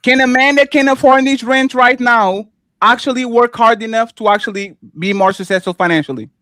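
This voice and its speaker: A man's voice: very high-pitched, a little fast, bright, forceful tone, dry recording, clean studio sound. A man hosting a live panel discussion, stammering and repeating himself as he tries to keep order. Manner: interrupting, moderating, repeats himself. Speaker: panel show host.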